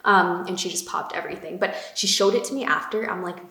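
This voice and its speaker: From an echoey room in her home, a young beauty vlogger chats casually about products she loves. Her medium-pitched voice has a sharp tone and runs a little fast, and she gushes in a bubbly way with many fillers.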